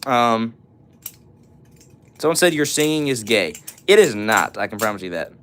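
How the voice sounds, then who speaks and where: A young livestream host speaks at normal speed in a sing-song, medium-pitched, slightly bright voice, with a little hiss or hum in the audio. Laid-back, he reads chat comments out loud, replies, and sings short song snippets.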